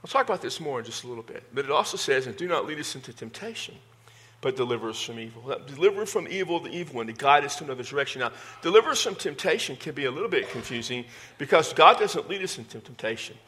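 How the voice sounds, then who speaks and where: A man's voice: medium pitch, lively intonation, fast talker, a bit bright. A middle-aged man with a Texas accent, a pastor preaching a conversational sermon with self-deprecating humor. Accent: Texan.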